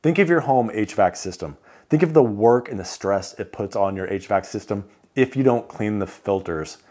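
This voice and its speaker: A man's voice: on the low side, lively intonation, normal speed, dark tone. Chatty man reviewing sleep gear. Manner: chatty, joking asides. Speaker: CPAP equipment reviewer. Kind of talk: casual product rundown.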